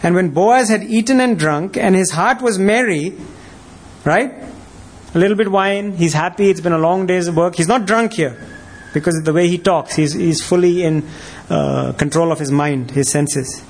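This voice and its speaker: High-voiced preacher. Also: male voice, normal speed. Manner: emphatic, full of rhetorical questions. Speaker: pastor. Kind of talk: sermon.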